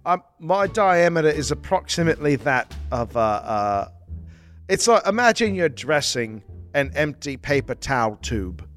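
A man's voice: a little high, very animated, a little slow, fairly bright tone, faint music behind. A man in an improvised comedy sketch playing a tiny, short-tempered male creature being fitted for a suit, prickly and defensive. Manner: prickly, defensive, bursts into indignant outbursts. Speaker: podcast co-host.

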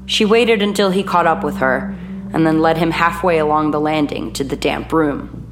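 A woman narrating a horror audiobook in a measured, even reading voice. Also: low-pitched, background noise.

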